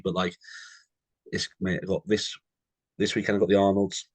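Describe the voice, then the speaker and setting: Chatting casually as a podcast co-host, a young English man tells anecdotes and keeps calling his friend "mate." He speaks at normal speed in a low, husky, steady voice, recorded dry.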